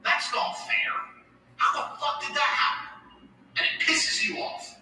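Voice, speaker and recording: Profane ranting man, echoey and bright. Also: very high-pitched, a little slow, a little hiss or hum. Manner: profane, blunt, emphatic. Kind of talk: ranting monologue. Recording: echoey, distant, music behind.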